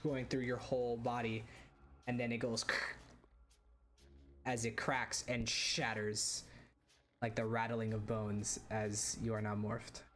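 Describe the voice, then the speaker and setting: A man's voice: mid-range voice, monotone, slow, long pauses, a little hiss or hum. A man running a tabletop role-playing game, narrating in a loose, rambling way full of "like" and "uh". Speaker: game master.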